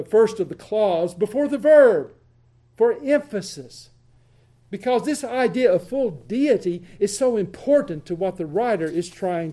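Male Bible teacher, unhurried, mellow tone, careful step-by-step explaining. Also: sits high. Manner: deliberate, explanatory, repeats for emphasis. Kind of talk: Bible study lesson.

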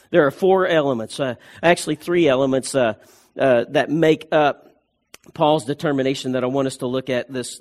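A man preaching a sermon as pastor, emphatic, repeating key phrases and restarting words as he goes. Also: medium pitch.

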